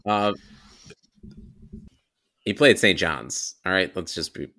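Man, podcast co-host, casual chat, laid-back, wry, lowish voice. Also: takes it slowly, pushed and bright.

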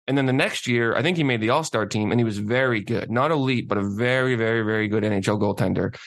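A man's voice: fairly low pitch, fast. A man co-hosting a casual chat, ranting and emphatic. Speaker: podcast co-host.

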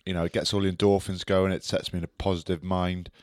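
A man's voice: low voice, level tone, quick pace, a little mellow, no room sound, studio quality. A man co-hosting a podcast, rambling casually with many fillers. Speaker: podcast co-host. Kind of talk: casual chat.

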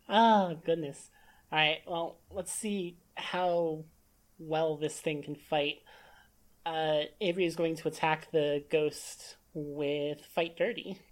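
Casting: low-pitched woman player, eager, chatty about rules and dice. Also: slow pace. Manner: eager, asks rules questions, cheers at rolls. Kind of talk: playing a tabletop game.

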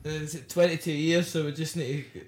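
A Scottish man co-hosting a podcast, chatty and quick to laugh. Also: fairly high pitch, fairly even intonation, a little mellow, soft background music. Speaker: podcast co-host. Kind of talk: casual chat.

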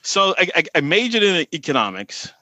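A man's voice: a little high, big pitch swings, brisk, bright, forceful tone, dry recording. A man with a Boston accent, a podcast guest telling stories in a rambling way and often repeating words. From Boston area. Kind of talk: casual chat.

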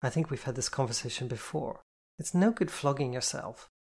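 A reader voicing Jen, a stern, teasing woman disciplinarian who talks in a brisk, bossy, mockingly patient way. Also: medium pitch, breathy edge. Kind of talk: audiobook character voice.

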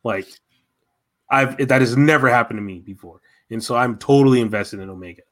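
A man's voice: medium pitch, fairly quick, a bit bright. A man co-hosting a casual fan chat, talking enthusiastically and rambling with many restarts.

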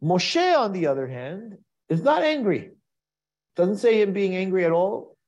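A man's voice: high-pitched, very animated, measured pace, a little mellow, muffled recording. A man teaching a Torah class in a conversational style, asking rhetorical questions and quoting Hebrew verses.

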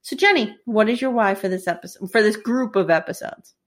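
A woman in her forties co-hosts a casual podcast. She talks in a lively, animated way, often slipping into playful voices to act out what she describes. Her pitch sits in a middle range. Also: fairly quick. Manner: animated, acts out scenes with voices and laughs. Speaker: podcast co-host. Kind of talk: casual chat recapping a TV series.

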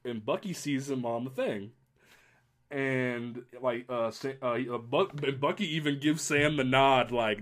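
A man hosting a casual podcast chat, talking in an excitable, rambling way with lots of restarts. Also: mid-range voice, unhurried. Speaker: podcast host.

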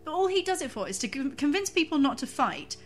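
A woman's voice: sits high, sing-song, fast talker, soft background music. A young woman from the English Midlands, co-hosting a podcast in casual chat, reading listener questions aloud, giggly and chatty. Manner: giggly, chatty, breaks into silly voices. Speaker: podcast co-host.

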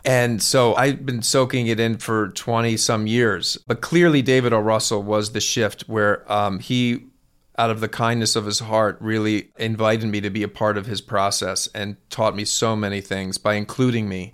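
A man's voice: on the low side, little pitch movement, normal speed, fairly bright tone, clean tone. A man who directs and acts, talking as an interview guest, eager and rambling with frequent restarts. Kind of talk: candid interview talk.

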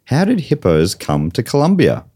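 A man with an Australian accent hosting a comedy game show podcast, playful and quick to laugh. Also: mid-range voice, wildly swooping pitch, mellow, breathy edge. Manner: playful, laughs often, teasing.

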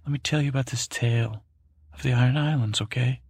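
A worldly old tomcat spins a meandering sea tale in a hushed voice, as a man puts him on. The voice is gravelly and raspy, recorded close and dry. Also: medium pitch, fast, no echo, voice pushed up. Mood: hushed, soothing. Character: worldly old tomcat storyteller, soothing, salty. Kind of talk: bedtime story to help sleep.

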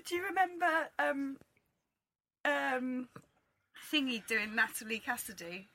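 Bright high-voiced woman giggling through a podcast chat. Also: expressive, unhurried, vocal fry. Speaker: podcast co-host. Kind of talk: casual chat.

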